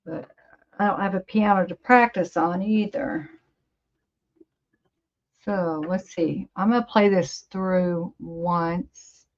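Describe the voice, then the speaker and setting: Slow, rambling woman over fifty. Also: lowish voice, steady tone. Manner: chatty, rambling, easily amused. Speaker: livestream host. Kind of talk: casual livestream chat with viewers. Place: home studio, indoors. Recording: slightly dull lo-fi livestream audio.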